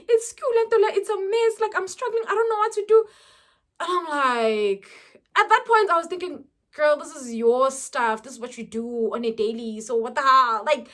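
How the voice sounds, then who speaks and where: A young South African woman telling a lively storytime vlog, mixing in local words. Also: fairly high pitch. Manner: animated storytelling, mixing in Zulu words, with laughs. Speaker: YouTuber.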